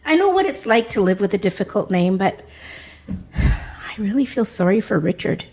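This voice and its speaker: A woman's voice: medium pitch, sing-song, moderate pace, darkish tone. A middle-aged woman doing a stand-up comedy set, chuckling through her own punchlines.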